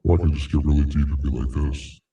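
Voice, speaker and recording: A man hosting a livestream, joking casually through a deep pitch-down voice effect. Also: steady tone, dark tone, echoey room, far from the mic. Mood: goofy. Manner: joking, rapid. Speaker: livestream host. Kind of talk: casual chat.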